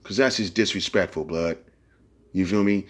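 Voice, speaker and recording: A man's voice: low voice, normal speed. Give me a man hosting a podcast in a loose, profane monologue. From San Francisco Bay Area. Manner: profane, rambling, streetwise slang. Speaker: podcast host.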